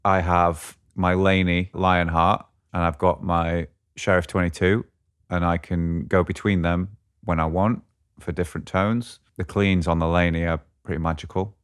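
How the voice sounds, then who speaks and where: A man's voice: sits low, level tone, normal speed, clean tone. A man co-hosting a podcast, chatting casually about guitar gear and often thinking aloud as he searches for words. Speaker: podcast co-host.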